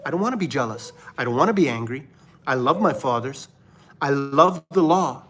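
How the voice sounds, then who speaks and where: A man from Canada hosting a livestream of religious commentary, preaching fervently and then dropping to a hushed murmur. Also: medium pitch, lively intonation, moderate pace. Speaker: livestream host.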